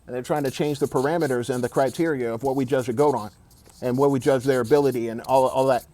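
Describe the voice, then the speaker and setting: A man's voice: medium pitch, steady tone, fast, warm tone, no echo. A man giving an emphatic, opinionated sports rant, repeating himself and saying "dog" often. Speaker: sports commentator.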